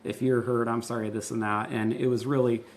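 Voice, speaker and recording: A man's voice: mid-range voice, level tone, brisk, slight background noise. A man in his thirties, a pastor and host, explaining things in a casual, candid and earnest way. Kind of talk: casual conversational teaching.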